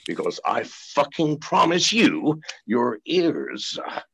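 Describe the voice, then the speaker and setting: A man's voice: fairly high pitch, very animated, slow pace, gravelly, fairly bright tone, breathy edge. A man talking as a podcast guest over a video call, profane and rambling. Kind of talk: casual interview.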